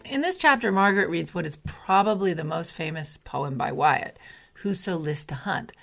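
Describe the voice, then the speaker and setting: A woman's voice: on the low side, expressive, normal speed, creaky, fairly bright tone, soft background music. A woman co-hosting a podcast, chatting and explaining in a casual way. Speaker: podcast co-host. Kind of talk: casual chat.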